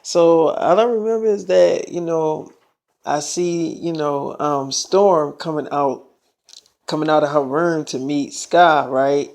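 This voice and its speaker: A man's voice: on the high side, slow pace, vocal fry, a little mellow. A man telling a made-up story in a casual, slangy, rambling way, full of fillers.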